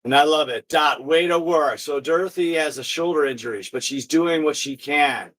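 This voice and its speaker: A man's voice: a little high, moderate pace, fairly bright tone. A middle-aged man leading an online exercise class over a video call, encouraging and upbeat, telling stories between movement cues.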